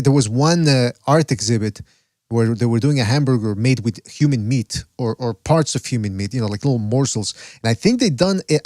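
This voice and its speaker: A man's voice: medium pitch, darkish tone, dry recording, studio quality. A man hosting a call-in boxing podcast, talking in a loose, rambling, joking way with restarts and the odd swear. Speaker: podcast host.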